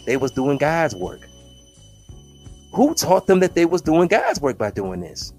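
A man's voice: fairly high pitch, wildly swooping pitch, unhurried, a little mellow, soft background music. A man hosting a podcast, delivering an impassioned, preachy monologue full of slang and often calling listeners beloved. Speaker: podcast host.

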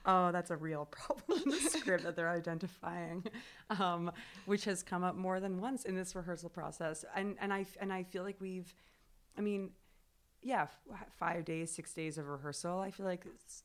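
A woman playwright chatting casually about rehearsals, animated and often laughing, with frequent restarts. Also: lowish voice, moderate pace.

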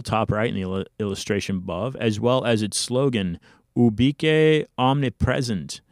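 Animated American man hosting commentary. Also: mid-range voice, no room sound, clean studio sound. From United States. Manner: animated, emphatic, with stumbles and sarcastic asides. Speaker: political commentary show host. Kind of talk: solo commentary reading from an article.

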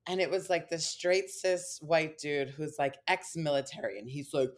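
A woman's voice: sits low, normal speed. A woman co-hosting a podcast, telling stories animatedly and swearing casually. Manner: animated storytelling, swears, coins words. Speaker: podcast co-host.

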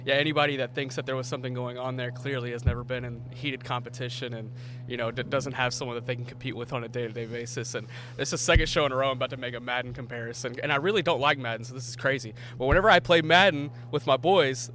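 A man's voice: medium pitch, steady tone, fast, fairly bright tone. A man co-hosting a live sports podcast, casual and opinionated, talking through his take with a few restarts. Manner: opinionated, casual, self-correcting. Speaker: podcast co-host. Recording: clear background noise.

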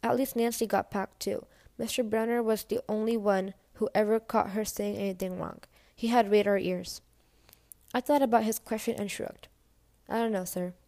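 Give me a woman reading a novel aloud casually, medium pitch, dry sound. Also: fairly even intonation, normal speed, warm tone, dry recording. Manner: casual first-person storytelling. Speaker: audiobook reader.

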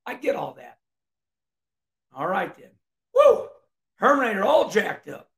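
A middle-aged man, a racing commentator, delivering an emphatic, fired-up rant to camera with loud whoops. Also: high voice, very animated, moderate pace, creaky.

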